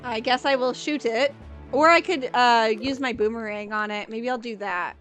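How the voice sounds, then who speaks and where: A woman's voice: a little high, normal speed, fairly bright tone, soft background music. A woman in her thirties streaming a video game, chatting casually with viewers and playfully exasperated. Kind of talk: casual gameplay chat with viewers.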